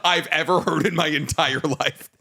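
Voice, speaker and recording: A man co-hosting a podcast, reacting in casual banter with excitable, swearing jokes. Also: fairly high pitch, normal speed, creaky. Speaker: podcast co-host.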